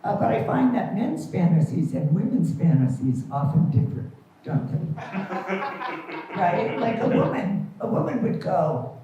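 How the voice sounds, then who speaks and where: A woman's voice: fairly low pitch, big pitch swings, a little slow, slight background noise. A middle-aged woman performing a stand-up comedy set at a club, self-deprecating and wry. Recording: echoey, distant, muffled room recording.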